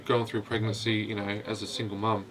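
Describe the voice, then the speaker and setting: Man, casual film review, hesitant, rambling, "you know" fillers, lowish voice. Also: level tone, a little fast, a crowd in the background. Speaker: host of a film review video.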